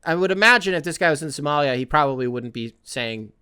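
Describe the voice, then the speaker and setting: A man's voice: a little high, lively intonation, fast, pushed and bright, clean tone, dry recording, clean studio sound. A young man hosting a podcast, rambling and swearing in a self-mocking way. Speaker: podcast host. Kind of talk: casual solo podcast monologue.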